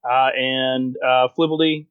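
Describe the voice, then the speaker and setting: A man's voice: mid-range voice, level tone, unhurried, clear, resonant tone, phone-quality sound. A man narrating a tabletop game as game master, describing scenes with many fillers.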